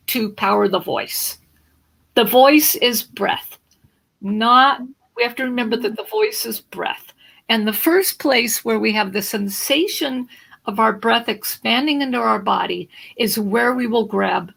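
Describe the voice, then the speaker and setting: Woman, voice coach, animated, instructive, gravelly, morning frog in throat, video call. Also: fairly high pitch, low-quality recording. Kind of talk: live video interview.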